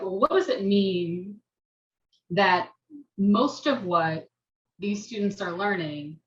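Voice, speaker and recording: Thoughtful American woman teacher, halting delivery, roomy video-call sound. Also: medium pitch, a bit bright. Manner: thoughtful, restarts, laughs self-consciously. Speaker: dance teacher and panelist. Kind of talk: personal reflection on a video-call forum. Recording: roomy, distant, dull video-call audio.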